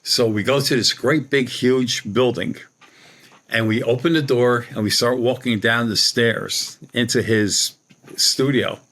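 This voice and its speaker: Give me a man with a bright, tense voice recounting a story in a loose, chatty way. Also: mid-range voice, steady tone, measured pace. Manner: rambling, retells dialogue with "she goes". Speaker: guest psychic medium. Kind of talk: casual storytelling.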